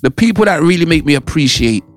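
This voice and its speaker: A man's voice: on the high side, lively intonation, fast talker, soft background music. Chatty British radio host man. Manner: chatty, keeps asking "all right?". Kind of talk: casual radio chat with listeners.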